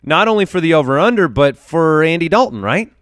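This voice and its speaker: A man hosting a sports podcast in casual chat, reading sponsor spots in quick upbeat bursts. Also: on the high side, sing-song, fairly bright tone, no room sound, studio quality. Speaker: podcast host.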